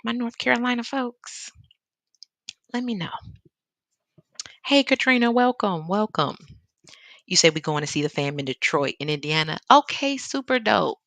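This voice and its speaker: A woman's voice: medium pitch, lively intonation, normal speed, pauses often, fairly bright tone, dry recording. A woman from the Midwest with a Chicago accent, casually chatting and reading out viewer comments on a painting livestream, laughing often. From American Midwest. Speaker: artist livestream host. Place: home studio in Seattle.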